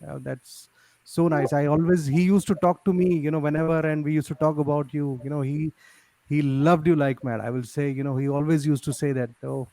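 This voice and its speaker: Man host, effusive and fond, mellow tone, slightly high, dry close sound. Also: steady tone, fairly quick, creaky, no echo, low-quality recording. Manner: warm, effusive, with many "you know" fillers. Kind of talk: live session remembrance.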